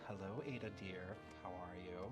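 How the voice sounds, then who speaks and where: A man voicing a calm, composed female newspaper editor who talks in a measured, gentle way in a tabletop game. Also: low voice, over loud music, pitched below the performer's own voice, natural voice.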